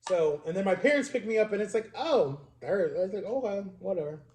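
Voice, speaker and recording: Mellow man rambling in a casual vlog. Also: high voice, lively intonation, fairly quick, slight background noise. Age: 30s. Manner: rambling, confessional, many "like" fillers. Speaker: vlogger. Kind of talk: casual personal vlog monologue.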